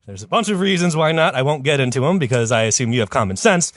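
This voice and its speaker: A man's voice: lively intonation, quick pace, a bit bright, dry recording, clean studio sound. Rambling man telling a story. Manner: rambling, many fillers, jumps high for quoted voices. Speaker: podcast host telling the story. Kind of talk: casual comedic storytelling.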